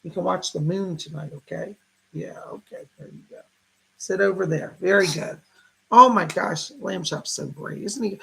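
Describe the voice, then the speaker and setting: A man in his fifties hosting a casual psychic livestream, chatting warmly with viewers and greeting them by name. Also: high voice, moderate pace, vocal fry, a little hiss or hum. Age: 50s.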